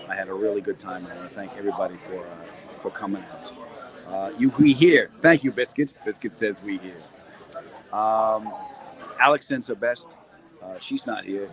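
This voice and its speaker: A man's voice: fairly low pitch, rough recording. A middle-aged man, a comedian and actor, rambling and joking through a casual live-stream chat from a cold cellar, answering viewer questions. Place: cold cellar corner, indoors.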